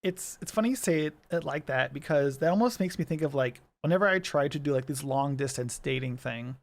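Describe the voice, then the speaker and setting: A man's voice: fairly high pitch, brisk. A man in his thirties, a podcast co-host chatting casually and telling stories with frequent laughs. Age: 30s. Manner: chatty storyteller, laughs often. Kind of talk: casual chat.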